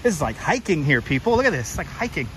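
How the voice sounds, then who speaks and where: A man's voice: fairly high pitch, very animated, quick pace, a bit bright, a little hiss or hum, rough recording. A man hosting a chatty walking livestream outdoors, greeting viewers and reading signs aloud on a clip-on mic. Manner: chatty, jokey, reads sign text aloud, greets viewers. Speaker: livestream host. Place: outdoors in a forest garden. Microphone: wireless clip-on mic.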